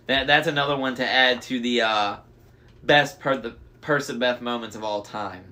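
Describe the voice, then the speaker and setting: A man's voice: medium pitch, normal speed, bright, forceful tone. A young man reading a novel aloud, breaking off for enthusiastic, chatty fan commentary. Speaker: audiobook reader.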